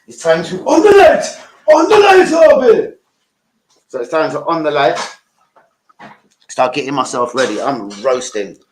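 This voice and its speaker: Sweary football vlogger. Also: male voice, medium pitch. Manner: sweary, slangy, rambling. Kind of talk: casual livestream chat.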